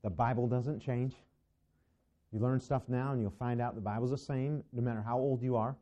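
Deep-toned man teaching a Bible class. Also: steady tone, normal speed, dark tone, dull audio. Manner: conversational and digressive, with asides to the class.

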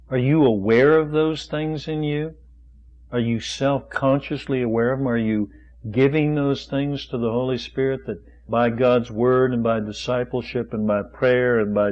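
Male preacher, mid-pitched, folksy and questioning, slightly dull lo-fi recording. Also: darkish tone. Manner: rhetorical questions, folksy asides. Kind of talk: sermon.

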